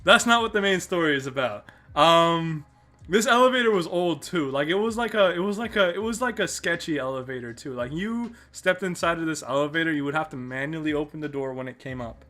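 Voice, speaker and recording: A man's voice: a little high, brisk, a bit bright. A man with a Canadian accent hosting a podcast, telling a travel story in a rambling way with many restarts and fillers. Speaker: podcast host.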